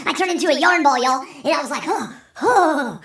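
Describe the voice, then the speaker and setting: High, bright-voiced woman telling wild stories. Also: quick pace. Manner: animated, profane, rambling. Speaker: vlog host. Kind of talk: storytelling vlog. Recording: roomy sound, distant from mic.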